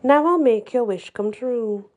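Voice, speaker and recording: A woman voicing a vengeful female fairy who speaks softly and coolly, with quiet menace. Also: on the high side, expressive, a little slow, pitched above the performer's own voice.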